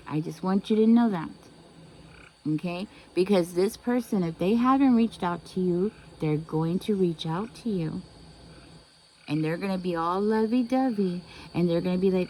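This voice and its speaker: A woman delivers a tarot reading in a mellow, warm voice. She talks emphatically, repeats phrases and keeps asking rhetorical questions. Faint crickets chirp in the background. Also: medium pitch, a little hiss or hum, poor audio. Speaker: tarot reader.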